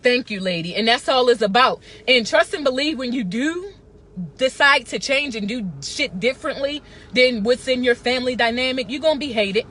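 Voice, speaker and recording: A woman's voice: high voice, animated, normal speed, a bit bright. A woman, talking to camera in a blunt, profane, emphatic casual rant. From Baltimore. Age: 30s. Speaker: vlogger.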